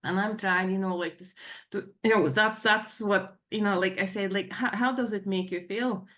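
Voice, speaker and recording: A middle-aged woman giving a personal account in a Q&A session, talking in a halting, rambling way full of fillers and nervous emotion. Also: medium pitch, fairly even intonation, fairly bright tone. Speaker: participant in a Q&A session.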